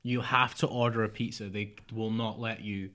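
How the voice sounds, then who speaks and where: A man's voice: fairly low pitch, little pitch movement, moderate pace, pushed and bright. A man, co-hosting a casual podcast chat, rambling and dropping into mutters. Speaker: podcast co-host.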